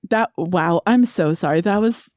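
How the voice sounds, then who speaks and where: Excitable young woman, dry close sound. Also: on the low side, a little slow, no room sound. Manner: excitable, laughs a lot, animated disbelief. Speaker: podcast co-host. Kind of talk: casual chat.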